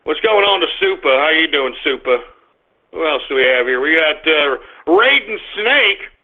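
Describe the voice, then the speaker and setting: A man hosting an internet radio stream, reading out listener shout-outs and often exploding into crude, shouting rants. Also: fairly high pitch, animated, moderate pace. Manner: crude, belligerent, prone to shouting outbursts. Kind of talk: live streamed radio rant. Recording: tinny phone-like audio.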